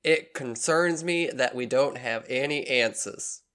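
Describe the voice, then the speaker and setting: A man voicing a drawling Southern police lieutenant, reading out official statements slowly and deliberately in a put-on Southern US accent. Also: mid-range voice, fairly bright tone, close to an everyday voice.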